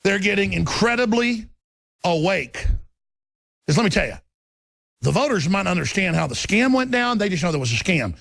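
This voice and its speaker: Man, talk host, heated ranting commentary, dry close sound, gravelly voice. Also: high voice, very animated, normal speed, long pauses, a bit bright, no room sound. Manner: intense, ranting, repetitive.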